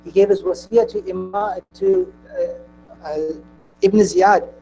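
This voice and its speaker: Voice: medium pitch, fairly even intonation, takes it slowly, creaky, mellow, lo-fi sound, faint music behind. A speaker at a mourning gathering, telling a sacred story in an impassioned, grieving sermon.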